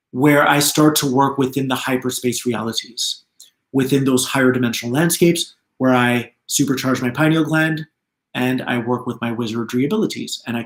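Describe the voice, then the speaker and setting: A man hosting a live spiritual talk, chatty and animated, laughing often as he speaks. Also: mid-range voice, reverberant. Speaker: spiritual channeler, host.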